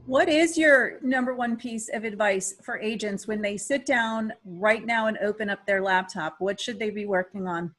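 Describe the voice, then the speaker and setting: A woman's voice: medium pitch, normal speed, hardly any pauses, fairly bright tone, low-quality recording. A woman co-hosting an interview, asking questions in an upbeat, encouraging way. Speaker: podcast co-host. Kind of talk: casual interview chat.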